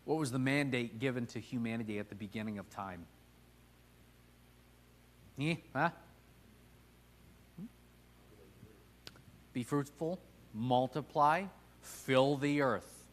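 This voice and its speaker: Speaking slowly and pausing often, a man with a medium-pitched voice leads a casual Sunday Bible class in a church classroom. He mixes in jokes, talks with the attendees, and puts questions to them.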